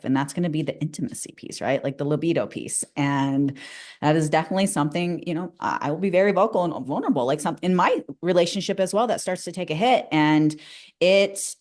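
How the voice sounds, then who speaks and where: A woman's voice: low voice, a little mellow. Candid middle-aged woman host. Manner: open and candid, quick affirmations. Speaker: podcast host. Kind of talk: casual podcast chat.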